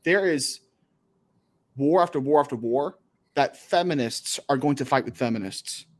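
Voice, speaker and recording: A man hosting a casual livestream, his voice sitting at an ordinary middle pitch. He rambles loosely from point to point, dropping crude jokes along the way. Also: normal speed. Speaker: livestream host.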